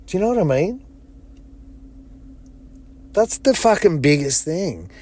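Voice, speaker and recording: A man's voice: measured pace, pauses often. A man talking alone on his podcast in a rambling, heavily profane way, his voice jumping up when he retells stories. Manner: excitable, pitch jumps up in retold stories. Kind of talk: casual solo podcast monologue.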